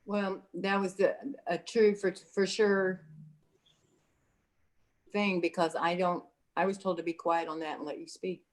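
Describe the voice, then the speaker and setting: A woman's voice: fairly low pitch, little pitch movement, measured pace. A woman giving psychic readings in a casual, chatty way, calling the viewer honey. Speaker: psychic reader. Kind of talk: casual livestream reading chat.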